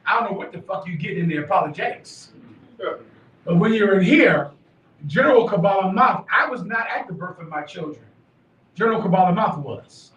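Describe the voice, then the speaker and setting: A man leading a live class, preaching emphatically, dropping quiet then shouting. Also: high-pitched, lively intonation, normal speed, highs cut off. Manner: emphatic, swings from quiet to shouting, laughs and swears. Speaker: class leader. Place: live meeting room. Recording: echoey room from far off.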